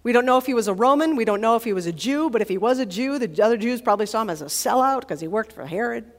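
A woman college chaplain preaching in a chatty, vivid storytelling way. Her voice sits a little high. Long reverb hangs after her words, as in a large chapel. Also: expressive, fast talker. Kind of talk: sermon.

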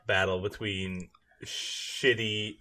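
A man in casual podcast chat, laughing a lot and making slow, sardonic remarks. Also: lowish voice, little pitch movement, sharp tone, slight background noise. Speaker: podcast co-host.

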